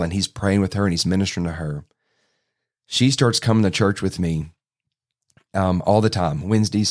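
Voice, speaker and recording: Middle-aged pastor, folksy storyteller with dry self-deprecating jokes, lowish voice. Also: male voice. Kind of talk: sermon storytelling.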